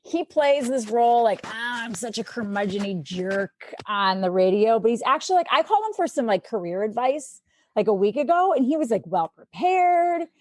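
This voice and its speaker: A woman with a Midwestern accent, a sports anchor, chatting as a podcast guest and telling stories in a lively way. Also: a little high, fairly quick, dry recording. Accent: Midwestern American. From Milwaukee, Wisconsin. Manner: chatty, animated storyteller. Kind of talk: casual interview chat.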